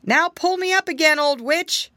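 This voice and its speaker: A woman's voice: high-pitched, very animated, normal speed, dry recording, studio quality, pitched above the performer's own voice, heavily acted. A woman doing a brash, hearty young soldier. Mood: forceful. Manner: loud, hearty exclamations. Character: bold young male soldier, cheeky and brash. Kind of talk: storybook reading.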